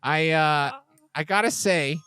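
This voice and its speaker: A man voicing a cheery, chatty elderly male gnome scholar in a folksy, higher-pitched way. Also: takes it slowly, bright, forceful tone, smooth, no room sound. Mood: teasing.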